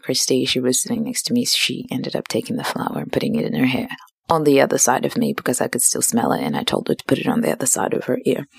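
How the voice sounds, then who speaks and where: A woman's voice: extremely low pitch, quick pace, creaky, breathy edge, dry recording. A woman in her twenties hosting a podcast, telling stories in a chatty, self-dramatizing casual monologue. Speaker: podcast host.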